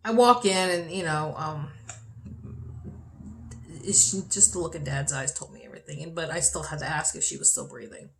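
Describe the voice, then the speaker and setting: A woman's voice: low voice, moderate pace, vocal fry, slight background noise. A young adult woman vlogging a personal story, candid and swearing freely, her voice rising when she gets upset. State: dry mouth. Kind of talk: personal vlog, emotional storytelling.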